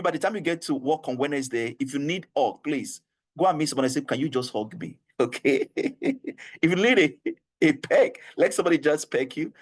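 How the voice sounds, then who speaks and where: A man with a Nigerian English accent, an HR trainer giving an online training session, earnest and coaxing, repeating his points and often laughing. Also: sits high.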